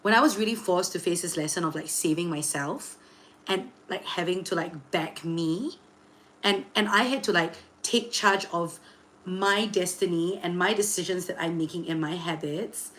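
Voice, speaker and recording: A woman's voice: fairly low pitch, normal speed, a little hiss or hum. Chatty woman streaming live. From Singapore. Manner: chatty, full of "like" and "you know", greets viewers excitedly. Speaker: livestream host and tarot reader. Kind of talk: casual livestream chat.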